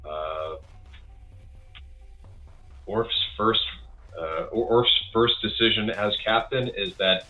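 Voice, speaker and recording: A man's voice: on the low side, slow, long pauses, sharp tone, dull audio, soft background music. A man playing in a tabletop game, making dry, matter-of-fact quips. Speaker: player.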